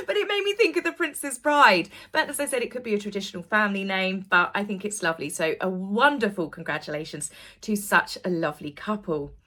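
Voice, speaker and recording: A woman with a mid-range, slightly bright voice hosts a royal news channel as a casual commentary vlog. She's chatty and gossipy, dropping tongue-in-cheek asides.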